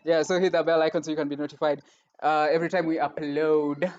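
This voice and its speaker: A man's voice: fairly high pitch, little pitch movement, fast talker, darkish tone, dull audio. A Kenyan man co-hosting a show over a video call, playful, laughing often and mixing in Swahili. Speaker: co-host. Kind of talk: casual chat.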